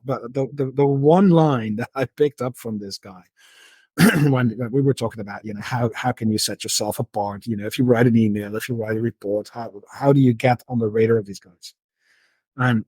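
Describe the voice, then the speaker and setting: A middle-aged market analyst speaks as a podcast guest in a conversational interview, his voice husky, slightly breathy and medium in pitch. He explains his ideas through relaxed storytelling, often stumbling, repeating words and restarting. The recording is dry and close, with no echo or room sound.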